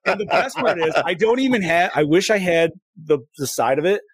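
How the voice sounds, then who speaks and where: A man's voice: high voice, animated, a little fast, dry recording. A man in his thirties co-hosting a casual chat, laid-back and swearing a lot. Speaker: podcast co-host. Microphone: streaming setup with ring light.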